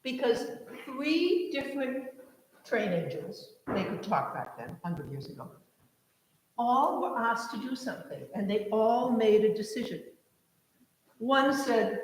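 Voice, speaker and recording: A woman telling an expressive children's story during a church service, leading the listeners along. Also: a little high, moderate pace. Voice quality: animated, expressive. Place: large church sanctuary. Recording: echoey church hall.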